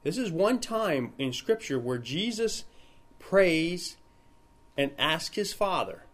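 A man leading an informal Bible study, talking in a relaxed, conversational way and acting out the people in the story. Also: fairly high pitch, slow. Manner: conversational, retells scenes in acted quotes.

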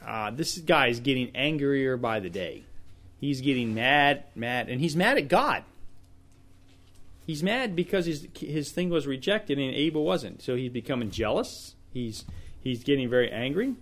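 Man, Bible study leader: earnest, conversational, mid-pitched, prone to repeating himself mid-thought. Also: expressive, measured pace, a bit bright. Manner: earnest, repeats words as he thinks aloud. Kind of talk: informal Bible teaching to a small group.

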